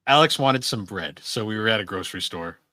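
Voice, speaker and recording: A man's voice: on the low side, lively intonation, brisk, sharp tone, no echo. A man co-hosting a gaming podcast, telling a story in casual chat and reading the show's outro. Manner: rambling storyteller, laughs often. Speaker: podcast co-host.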